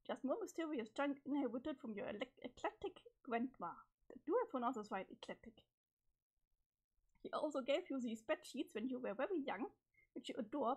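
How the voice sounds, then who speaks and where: A woman's voice: sits high, breathy edge, rough recording. A woman streamer reading a webcomic's narration aloud on a live stream, with offhand spoken asides between passages.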